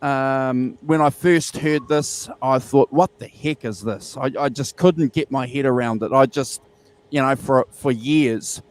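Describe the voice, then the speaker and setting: A man's voice: medium pitch, steady tone, unhurried, smooth. A man, co-hosting a casual album review chat, enthusiastic and repeating himself with many fillers. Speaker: podcast co-host.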